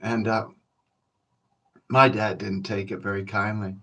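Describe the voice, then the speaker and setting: Fairly low in pitch, this podcast host's delivery is flat and unhurried, with vocal fry and frequent pauses, and a pushed, bright quality. He meanders through profane solo stories in a relaxed way, chuckling and addressing listeners as folks.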